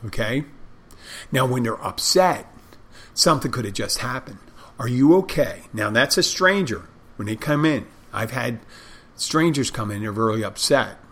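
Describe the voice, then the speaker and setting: Husky-voiced man talking casually. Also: medium pitch, lively intonation, moderate pace, bright, forceful tone. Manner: conversational, acts out his own greetings to customers. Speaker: restaurant server and bartender. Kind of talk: casual storytelling monologue.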